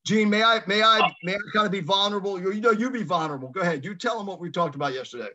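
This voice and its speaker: A man's voice: high voice, very fast, pushed and bright, highs cut off, slight background noise. A man leading a motivational coaching call, emphatic and given to repeating his phrases. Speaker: real estate coach leading a mastermind call.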